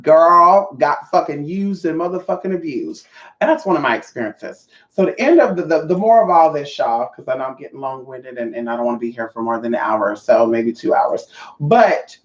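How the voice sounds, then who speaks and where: A young woman vlogger telling a profane, animated storytime monologue straight to her viewers. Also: deep voice, moderate pace. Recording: roomy, slightly dull audio.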